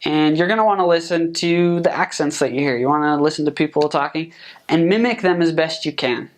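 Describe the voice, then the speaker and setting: A young man, a returned missionary, giving relaxed, chatty advice full of fillers. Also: fairly high pitch, a little fast. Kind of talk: casual advice talk.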